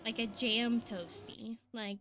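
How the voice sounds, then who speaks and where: A young woman streaming a game, chatting excitably with her viewers and laughing often. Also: on the high side, takes it slowly, background noise. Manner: excitable, giggly, chatty with chat. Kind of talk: casual gaming live-stream chat.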